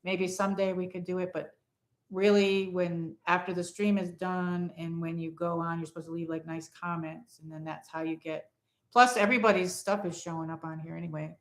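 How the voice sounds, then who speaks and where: Lowish in pitch, her voice keeps a fairly even intonation at a moderate pace, with reverb around it. She's a livestream host chatting casually with viewers from her phone at home by a Christmas tree, reading their comments aloud as she rambles.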